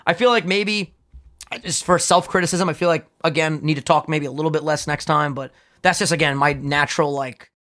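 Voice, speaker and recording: Young guy cohosting a podcast, swears a lot, loud and pumped, bright voice. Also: fairly high pitch, fairly even intonation, brisk. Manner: loud, profane, hyped. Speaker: podcast co-host. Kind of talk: casual podcast chat.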